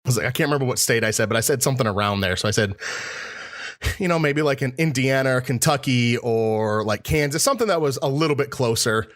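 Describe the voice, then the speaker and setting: A man's voice: medium pitch, fast. A young man from Michigan co-hosting a podcast, telling rambling anecdotes in casual chat with quoted dialogue and asides. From Michigan, USA. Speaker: podcast co-host.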